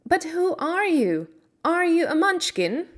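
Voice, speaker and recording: Worried lost girl in a storybook, a woman reading her, unhurried, each word clear. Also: very high voice, sing-song, voice pushed up, full character voice. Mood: puzzled. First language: Slovak. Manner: slow, clearly pronounced.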